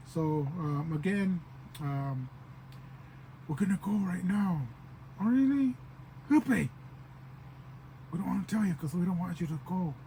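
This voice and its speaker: A man teaching a language lesson at a slow, patient pace, saying each word over and over. He acts out everyday example phrases, and his voice sits a little high for a man. A faint outdoor hum with passing vehicles runs under the recording. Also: dark tone, rough recording. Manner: repeats words slowly, acts out example phrases.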